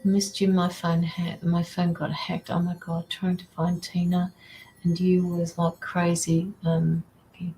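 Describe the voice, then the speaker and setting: A woman's voice: lowish voice, little pitch movement, measured pace, mellow, faint music behind. A middle-aged woman giving casual tarot and mediumship readings on a livestream, chatty and rambling, blunt and swearing freely. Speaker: intuitive tarot and mediumship reader. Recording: roomy echo.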